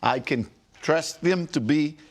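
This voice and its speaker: A man, a former pitcher working as an analyst, talking emphatically in a studio sports discussion and often repeating himself. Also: slow pace.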